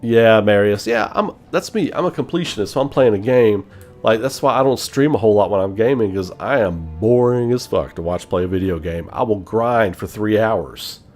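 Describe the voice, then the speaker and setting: A man chatting on his own gaming channel in a relaxed, opinionated way. His voice sits a little low, and he leans on profanity and laughter. Faint music plays underneath. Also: moderate pace. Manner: animated, profane, laughing often. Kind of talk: casual live-stream chat.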